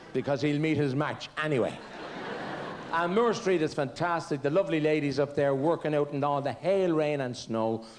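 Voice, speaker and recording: A man's voice: mid-range voice, darkish tone. A man with an Irish accent doing live stand-up comedy, with rambling, self-mocking storytelling.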